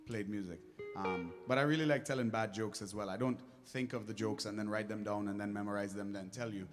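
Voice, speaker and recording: A touring musician with a Caribbean English accent chats and jokes with a live audience between songs, laughing often at his own self-deprecating jokes. His voice is fairly low and brisk, with music in the background.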